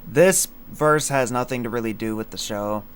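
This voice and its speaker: In a clean, medium-pitched voice at a moderate pace, a young streamer explains his song. He chats casually on the livestream, unpacking his own lyrics while rambling with plenty of fillers and slang.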